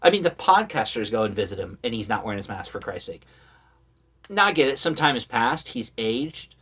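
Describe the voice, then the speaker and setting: A man's voice: mid-range voice, very animated, a little fast, fairly bright tone, husky. Rambling, sarcastic man reviewing horror films. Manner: rambling, with many fillers and sarcastic asides. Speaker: horror movie vlogger. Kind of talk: casual opinionated commentary.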